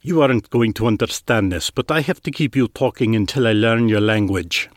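A man's voice: lowish voice, brisk, no room sound, close to an everyday voice. A man voicing a wounded male mechanic who speaks in a blunt, demanding tone, read close to a dry mic. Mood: gruff demanding.

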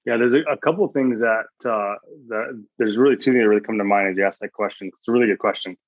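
A man with a fairly low voice talks fast, recorded with no echo and the highs cut off. He's a guest chaplain on a podcast interview, earnestly telling stories, quoting his own thoughts and often restarting sentences.

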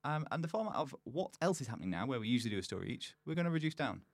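A man's voice: mid-range voice, sing-song, racing, no room sound, clean studio sound. A man hosting a podcast in a playful, chatty way, often laughing. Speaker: podcast host. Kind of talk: casual chat.

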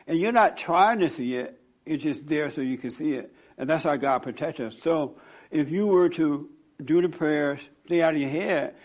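A man preaching and counseling a congregation, telling stories in an animated way. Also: a little high. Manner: animated, storytelling, laughing at own stories. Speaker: pastor. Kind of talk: sermon with audience counseling.

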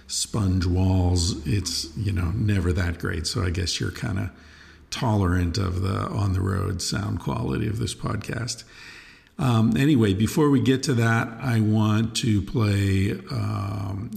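A man hosting his own podcast, talking in a rambling, relaxed way with many fillers. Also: lowish voice, vocal fry, in a large hall. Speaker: podcast host. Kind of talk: casual podcast monologue.

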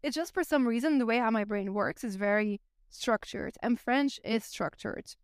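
A woman's voice: on the high side, moderate pace, clean tone, no echo, clean studio sound. A Belgian woman, a native Flemish speaker, chatting frankly and casually on a podcast, with a Flemish accent and lots of "like". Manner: chatty, uses "like" a lot, frank. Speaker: guest.

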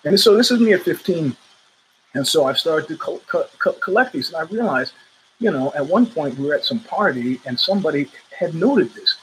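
A middle-aged man hosts his own show and spins a loose, rambling story full of asides and restarts. His voice sits a little higher than most men's. A faint hum stays under it. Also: fairly bright tone, rough recording. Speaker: show host. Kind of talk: casual storytelling monologue.

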